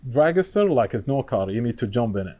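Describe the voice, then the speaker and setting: Speaking a little fast in a sing-song, mid-range voice with a dark tone, this man is a podcast guest and wiring business owner. English isn't his first language, so it comes out broken, but he's talkative, casual, and full of "you know."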